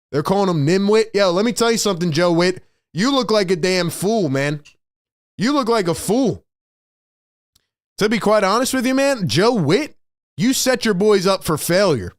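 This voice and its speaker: A man hosting a postgame sports show, talking in an excited, emphatic way and repeating his key points, worked up with excitement. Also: sits high, no echo, clean studio sound. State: overexcited.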